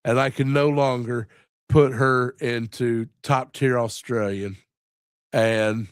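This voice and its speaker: A man's voice: medium pitch, dry recording, studio quality. A man hosting a live stream, chatting casually in a rambling, joking way with plenty of swearing while he sounds sick and tired. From Louisiana. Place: home room.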